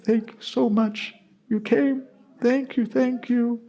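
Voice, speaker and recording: An American man voicing a grieving, grateful male devotee who speaks softly and pleadingly. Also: on the high side, normal speed, highs cut off, natural voice. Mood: tearful thanks.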